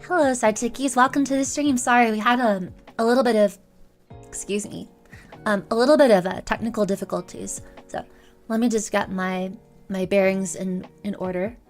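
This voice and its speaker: A woman's voice: medium pitch, fairly even intonation, normal speed. Chatty, playful young woman streamer. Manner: chatty and playful, rambling with restarts. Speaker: VTuber streamer. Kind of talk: casual livestream chat with viewers. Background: faint background music.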